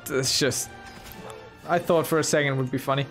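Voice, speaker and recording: Over soft game music, a man with a medium-pitched, steady voice speaks fairly quickly. He hosts gaming videos and casually comments on his strategy game in let's-play style, musing and chatting playfully to himself.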